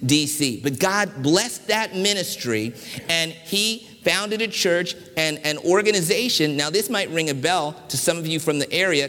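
In a church sanctuary with a big-room sound, a middle-aged man from Washington, D.C. preaches a sermon. His voice is a little high, pushed and bright, and he tells personal stories with humor, varying his pacing and emphasis.

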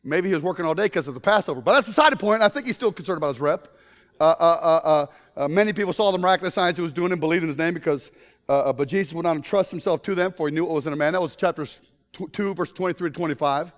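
A man preaching a humorous sermon to a congregation, telling stories in an animated way with bursts of shouting. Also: fairly high pitch, racing, long reverb tail. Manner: animated storytelling with comic shouted outbursts. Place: congregation in a room.

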